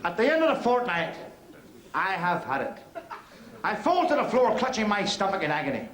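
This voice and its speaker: An actor playing a crude, cheeky middle-aged club comic from Belfast, with a Northern Irish accent, doing a bawdy stand-up routine on stage. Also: male voice, high-pitched, sing-song, normal speed, crowd noise. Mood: cheeky patter. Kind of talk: 1970s TV drama, stand-up routine. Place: club stage before an audience. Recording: roomy club hall, loud audience.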